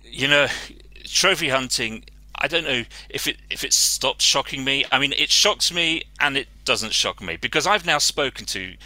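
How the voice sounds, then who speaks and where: A man's voice: mid-range voice, animated, moderate pace, pushed and bright, no echo. A man, an author and campaigner, answering an interview question earnestly and with open disgust, using some fillers. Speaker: author and activist guest.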